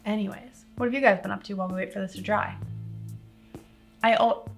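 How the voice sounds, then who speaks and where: A woman's voice: medium pitch, steady tone, fairly quick, vocal fry, soft background music. A young woman vlogger chatting casually through a makeup tutorial, rambling and joking at her own expense as she talks to her viewers. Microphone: camera on a tripod.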